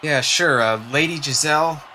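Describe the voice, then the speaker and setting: Bright, easygoing man player. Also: fairly high pitch, moderate pace, slight background noise.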